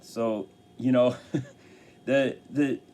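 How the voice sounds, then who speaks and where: A man giving an earnest motivational talk to camera, halting and restarting his sentences often. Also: medium pitch, fairly even intonation, a little mellow. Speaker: motivational speaker.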